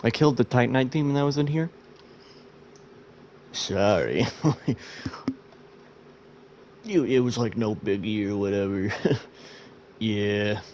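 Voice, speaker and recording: Man, sleepy, slow-talking, rambling game commentary, self-mocking, faint background hiss. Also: fairly low pitch, a little mellow. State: sleepy, just woke up. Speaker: gameplay video host. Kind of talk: casual let's-play commentary.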